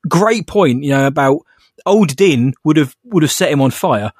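Upbeat man, slightly high voice. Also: expressive, normal speed, slightly rough, dry recording, clean studio sound. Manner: enthusiastic fan talk, laughs often. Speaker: podcast co-host. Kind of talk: casual chat.

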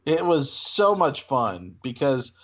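A man's voice: medium pitch, very animated, takes it slowly, a bit bright. A man co-hosting a casual podcast, chatting in a jokey, playful way. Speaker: podcast co-host. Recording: slightly dull lo-fi sound.

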